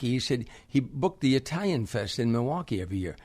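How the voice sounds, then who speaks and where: An older man, a comedian from the Midwest, telling lively anecdotes in an interview and acting out the people he quotes. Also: medium pitch, quick pace, hardly any pauses. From Harvey, Illinois. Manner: animated anecdotes, acts out quoted voices. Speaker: guest comedian. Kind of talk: storytelling in a podcast interview.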